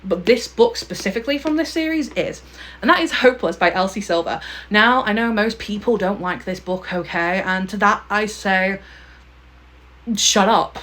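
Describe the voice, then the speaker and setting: A woman's voice: mid-range voice, lively intonation, a little fast, fairly bright tone. Young woman book vlogger, casual to-camera chat, gushing and emphatic, mid-range voice. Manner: gushing, emphatic, ends points with a pointed "okay?".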